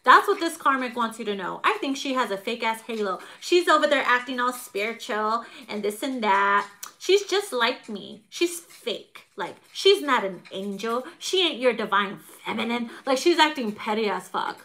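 A middle-aged woman giving a casual tarot reading to viewers, animated and profane, laughing often and acting out quotes. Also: a little high, moderate pace. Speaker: tarot reader.

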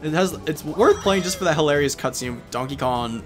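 Let's-play commentator: male, slightly high, rambling and jokey, game music underneath. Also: animated, fairly quick. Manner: rambling, chatty, jokey, breaks into silly voices.

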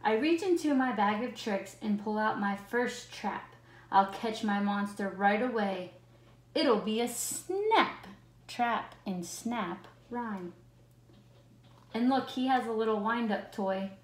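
Woman teacher, picture-book read-aloud, slow and expressive, talks with the kids, echoey classroom. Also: medium pitch. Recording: roomy echo.

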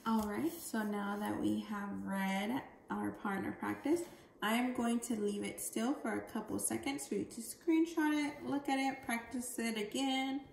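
Slow, clear-spoken woman teacher. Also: a little high, reverberant, slight background noise. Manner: slow, clear, deliberate reading with expressive dialogue voices. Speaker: second grade teacher. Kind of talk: recorded phonics lesson.

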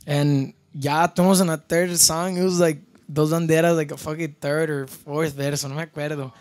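Young man, slightly high voice, relaxed swearing storyteller, Spanish-English mix. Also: a little fast. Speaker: podcast guest, band member. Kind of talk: casual storytelling.

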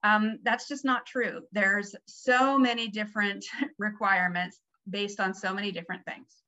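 A woman's voice: mid-range voice, steady tone, moderate pace, sharp tone, dull audio. A woman presenting a small business seminar over a video call, talking in a conversational way with many fillers. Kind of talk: webinar lecture.

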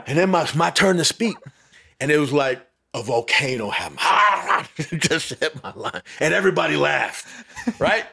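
A man telling a lively story as a podcast guest, laughing often and acting out what others said. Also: fairly high pitch, moderate pace, vocal fry, breathy edge. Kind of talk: storytelling interview.

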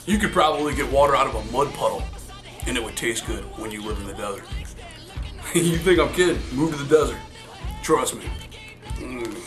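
Goofy middle-aged male vlogger, casual and playful, eats as he talks, music playing clearly behind. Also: medium pitch, expressive, fairly quick, pauses often. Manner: goofy, playful, talks with his mouth full. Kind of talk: casual home vlog. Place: home computer room.

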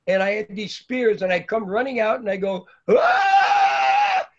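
This older New Yorker, appearing as a guest speaker, talks a little fast in a high-pitched voice over background noise. He rambles through a lengthy story of his early days with plenty of fillers, captured on a dull lo-fi recording.

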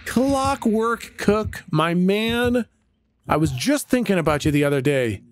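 A man's voice: on the high side, sing-song, normal speed, slight background noise. A Canadian man casually chatting with his viewers while streaming a game, laid-back and chatty, with frequent laughs and some swearing.

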